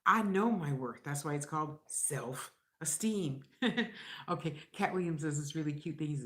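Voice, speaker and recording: A middle-aged woman rambles bluntly to camera in a casual vlog, swearing freely and animatedly voicing other people. She speaks at normal speed with a low-pitched voice, and the room sounds echoey.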